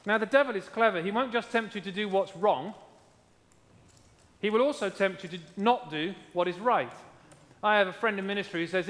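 Preaching a sermon as pastor, a man speaks in a high, fairly bright voice at a brisk clip, with a long reverb tail trailing his words. He is emphatic, repeating key lines and asking his congregation how they are doing.

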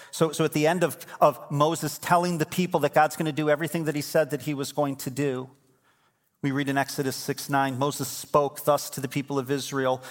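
A middle-aged man preaching a sermon as pastor, telling stories and building to emphatic, fervent points. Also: medium pitch. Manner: storytelling, swings from quiet to emphatic.

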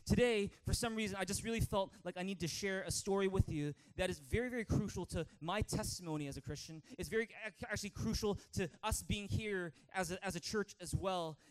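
A man with a Canadian accent preaching a lively sermon in church, calling for amens and acting out a childhood story. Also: high-pitched. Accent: Canadian English. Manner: energetic, calls for amens, tells stories with acted-out voices. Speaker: pastor.

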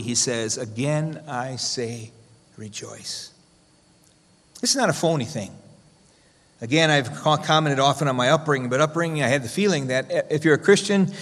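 Preaching man in a reverberant hall. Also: on the high side. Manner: dynamic preaching, swinging from loud emphasis to hushed quotes. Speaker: pastor. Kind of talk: sermon. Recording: long reverb of a church hall.

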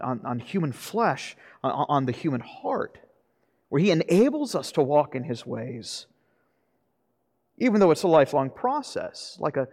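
A pastor preaching a sermon earnestly, asking his listeners rhetorical questions. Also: mid-range voice. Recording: long reverb of a hall.

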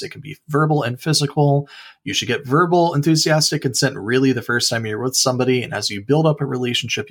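A man chatting casually on a podcast, animated and blunt with jokey emphasis. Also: medium pitch. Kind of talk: casual discussion.

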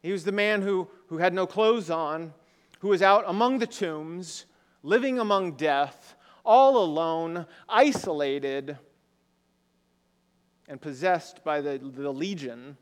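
A man's voice: fairly high pitch, takes it slowly, clear, resonant tone. A man preaching a sermon in a conversational way, often asking the congregation rhetorical questions. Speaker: pastor. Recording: long hall reverb.

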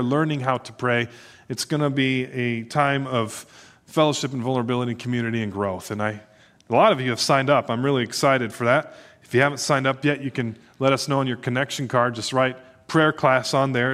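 A man preaching as a pastor, earnest and inviting, who grows hushed as he leads the congregation into prayer. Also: mid-range voice. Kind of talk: sermon closing into prayer. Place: church service.

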